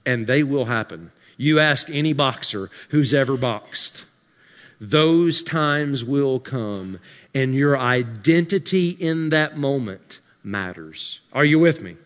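A pastor preaching a sermon to his congregation, building to shouted peaks and dropping into dry, sarcastic asides. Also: mid-range voice, animated, slow pace. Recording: live sermon in a reverberant hall.

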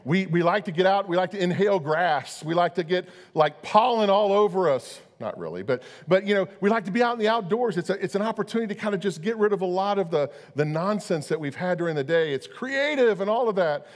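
A man's voice: high-pitched, lively intonation, fast talker, hardly any pauses. A middle-aged man preaching a sermon, chatty and storytelling, often repeating his words. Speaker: pastor. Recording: long hall reverb.

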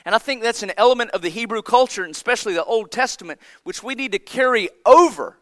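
A man preaching a sermon, earnest and emphatic, often dropping his voice low for effect. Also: lively intonation, fast talker, bright, forceful tone, no room sound. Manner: earnest, emphatic preaching with dramatic drops in volume.

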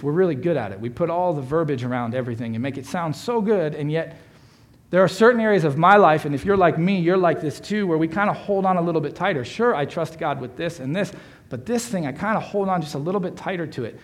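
A middle-aged man, a pastor, giving a sermon in a conversational, self-deprecating way with playful asides. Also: on the high side.

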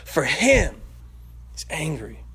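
A man preaching a sermon in a lively way, acting out the voices in the story and joking with the congregation. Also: a little high, takes it slowly, breathy edge. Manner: animated, acts out voices, laughs and jokes.

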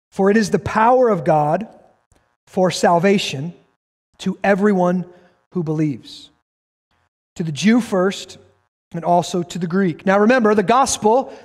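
Man, pastor, sermon, emphatic preaching, scripture reading, high voice, long hall reverb. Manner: emphatic, rises to shouts, reads scripture aloud.

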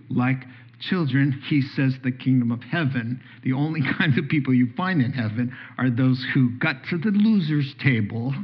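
A man's voice: a little high, husky. An older man preaching a sermon, telling stories animatedly and acting out voices. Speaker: pastor. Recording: dull lo-fi sound.

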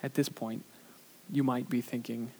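A man preaching a sermon in an earnest way, sometimes pausing on "uh", who pushes his voice up for emphasis and then drops it low and quiet. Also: little pitch movement, slight background noise. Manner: earnest preaching with frequent "uh" fillers. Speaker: pastor.

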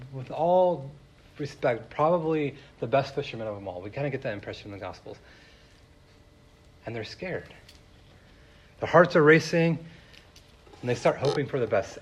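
Husky casual preacher. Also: male voice, mid-range voice, lo-fi sound. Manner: casual storytelling, many fillers. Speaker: pastor. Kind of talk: sermon.

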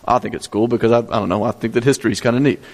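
A man's voice: mid-range voice, fairly even intonation, racing, a little mellow, long reverb tail. A male pastor preaching a sermon, teaching step by step, repeating key points and asking the congregation questions.

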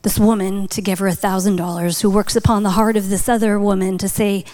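A woman's voice: mid-range voice, flat delivery, a little fast, a little mellow. A woman telling a story in a sermon, dropping to a whisper for emphasis and building to a passionate call at the close. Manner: rises to passionate exhortation. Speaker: speaker at a church.

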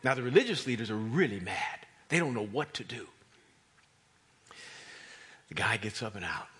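A man's voice: fairly low pitch, big pitch swings, moderate pace, a bit bright, breathy edge. A man preaching a sermon, retelling a story and acting out the voices of the crowd. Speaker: pastor.

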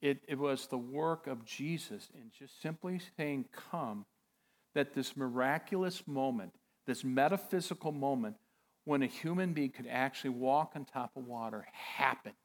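A man preaching a sermon as pastor, retelling a story with animated excitement and frequent chuckles. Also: mid-range voice, moderate pace. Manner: chuckles often.

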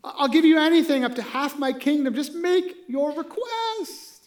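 A man's voice: extremely high pitch, moderate pace, pitched above the performer's own voice. A man voicing an ancient king who eagerly offers his queen anything she asks, raised and urgent in a sermon retelling. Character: agitated ancient king, male, eager to please.

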